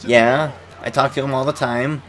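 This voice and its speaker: A man's voice: mid-range voice, steady tone, moderate pace, fairly bright tone. A man in his twenties rambling casually in commentary over a basketball video game, repeating words and chuckling. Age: 20s. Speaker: gaming YouTuber.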